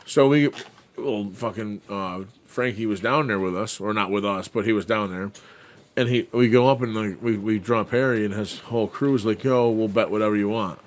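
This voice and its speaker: Man, podcast co-host, laid-back banter, lots of swearing, lowish voice. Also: moderate pace. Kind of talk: casual storytelling chat.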